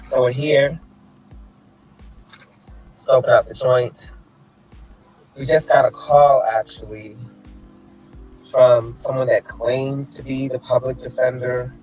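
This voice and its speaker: A man's voice: medium pitch, a little mellow, husky, poor audio. A man rants to his phone camera outside a building, flamboyant and theatrical, dripping with mockery. His voice sits in an ordinary middle register. Faint music plays underneath. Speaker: activist filming a street vlog. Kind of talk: casual rant to camera. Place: outdoors in front of a building.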